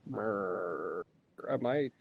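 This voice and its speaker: Low-voiced male player, casual. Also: animated, very slow, gravelly, breathy edge, dry recording, narrow, tinny audio. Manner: casual, joking. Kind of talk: casual play at a tabletop game.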